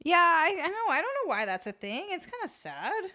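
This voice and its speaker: Lively Canadian woman chatting with stream chat. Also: extremely high pitch, a little fast, no room sound, studio quality. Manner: chatty, laughing, trailing off mid-sentence. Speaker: music livestreamer. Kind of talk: casual chat with live chat.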